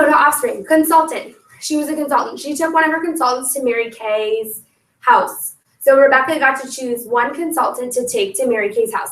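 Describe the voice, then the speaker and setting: Energetic high-voiced woman coaching sellers. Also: far from the mic. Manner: energetic, coaching, acts out scripts. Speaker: sales team leader. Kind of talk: motivational sales training talk. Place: meeting room with a group. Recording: echoey room, voice from off-mic.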